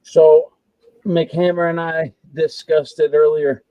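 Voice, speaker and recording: A man's voice: on the high side, little pitch movement, takes it slowly, no echo, muffled recording. A man joining a live-stream auction chat, hearty and enthusiastic.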